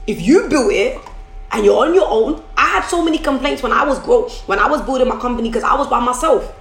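A woman's voice: on the high side, fairly bright tone. A businesswoman on a phone livestream, giving an emphatic, repetitive motivational talk. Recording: echoey room, faint music behind.

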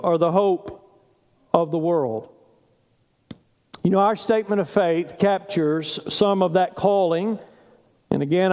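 A male pastor preaching a sermon earnestly, pausing for emphasis. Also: high voice, a little mellow, in a large hall.

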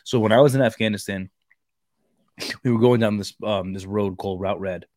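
A man on a podcast, telling a long story in casual chat, rambling and full of fillers, growing loud when he acts out shouting. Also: on the low side, fairly even intonation, fairly quick, no echo. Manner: rambling, repeats fillers like "like" and "bro". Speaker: podcast co-host.

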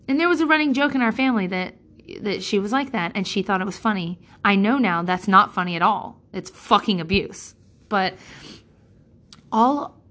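A woman in her thirties talks straight to her listeners in a loose, rambling monologue, swearing casually as she goes. Her voice sits in a middle pitch and leaps upward whenever she mimics someone else. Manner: rambling, frank, swears freely; animated, jumps in pitch when quoting people. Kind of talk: candid personal monologue.

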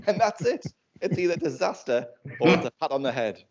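A man's voice: on the high side, sing-song, normal speed, husky. A man in a casual panel chat, talking loosely and laughing while he tells anecdotes. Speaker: panel guest. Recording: dull lo-fi sound.

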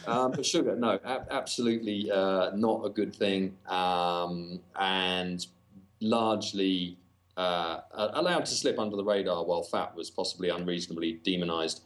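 A Northern English man speaks in a lowish voice as a podcast guest. He talks in halting runs, with fillers and false starts, and slips in dry jokes. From Northern England. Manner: hesitant, many fillers and restarts, dry humor. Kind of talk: casual podcast chat.

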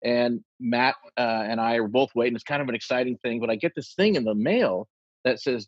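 A man with a husky voice tells a long funny story to friends, acting out each quoted line. His voice sits at a middling pitch. The recording is dull and dry. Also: brisk, dry recording. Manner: animated anecdote teller, acts out quoted lines.

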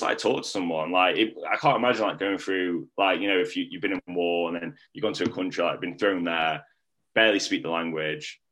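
A young man talks with a low, deep voice. He rambles through a casual story, leaning hard on filler words as he goes. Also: a bit bright.

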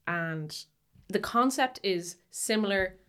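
A woman's voice: medium pitch, animated, slow, fairly bright tone, smooth. A young adult woman co-hosting a casual podcast chat, talking in a rambling way with many fillers and restarts. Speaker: podcast co-host. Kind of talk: casual chat about a film.

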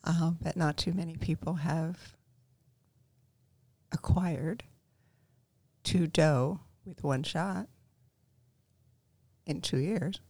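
A woman from Pennsylvania, a real estate agent guest on an interview, telling stories in a relaxed way and murmuring quiet agreement as she listens. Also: low voice, very slow, pauses often, no room sound. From Pennsylvania, USA. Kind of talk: casual interview chat.

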